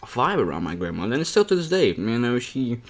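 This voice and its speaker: A man's voice: mid-range voice, big pitch swings, a little fast. A young man vlogging a mukbang, talking casually and candidly between bites, rambling and often saying "man". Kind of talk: casual talk to camera while eating.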